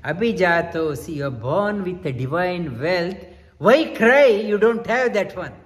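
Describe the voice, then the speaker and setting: A man's voice: sits high, lively intonation, unhurried, in a large hall. A man teaching a scripture lecture, repeating key phrases with emphasis and weaving in Sanskrit terms. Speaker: spiritual teacher.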